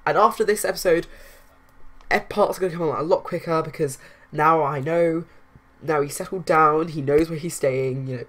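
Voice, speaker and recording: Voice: mid-range voice, normal speed, fairly bright tone. A casual let's-play commentator who rambles through gameplay with many fillers and restarts, hiccuping now and then.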